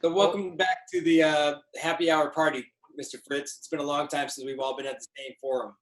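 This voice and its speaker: A man's voice: a little high, flat delivery, a little fast, roomy sound, a little hiss or hum, rough recording. A man co-hosting a casual video call chat, playfully explaining things at length. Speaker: co-host.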